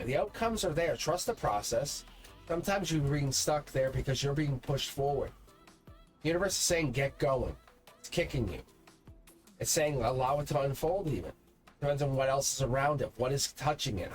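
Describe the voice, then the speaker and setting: A man hosting his own channel, talking loosely through a tarot card's meaning in a meandering, encouraging way. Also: mid-range voice. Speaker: tarot reader and channel host. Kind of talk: unscripted tarot lesson to camera.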